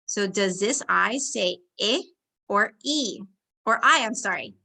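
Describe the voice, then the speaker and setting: A woman teacher with a mid-range, expressive, gravelly voice slowly guides young children through a phonics lesson. She sounds out words and offers warm encouragement.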